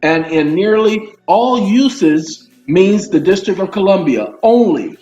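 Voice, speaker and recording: Guy going over law texts for his viewers, kinda high voice, roomy dull sound, faint music behind. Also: slow. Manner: animated, addresses listeners as y'all, breaks off into asides. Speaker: legal commentary host. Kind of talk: casual talk reading and explaining legal text.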